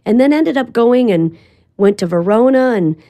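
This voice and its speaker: An older woman, a voice actress and interview guest, telling lively stories in casual chat and acting out quoted lines. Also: fairly high pitch, moderate pace. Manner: animated storytelling with quoted asides.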